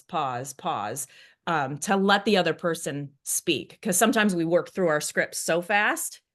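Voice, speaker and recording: A woman co-hosting a real estate coaching podcast, talking in a rambling, animated, self-interrupting way. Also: low voice. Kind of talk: casual podcast discussion.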